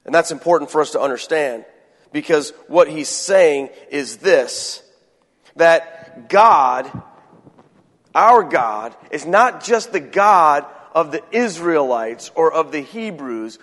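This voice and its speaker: A man, a pastor, giving a chatty sermon with joking asides and halting restarts. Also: a little high, expressive, fairly bright tone. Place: church sanctuary. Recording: long hall reverb.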